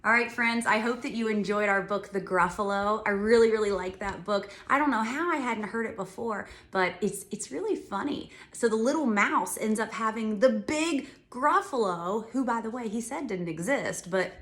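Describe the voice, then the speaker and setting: A woman music teacher giving a children's music lesson, talking straight to the kids in a bright, encouraging way. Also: fairly high pitch, normal speed, few pauses.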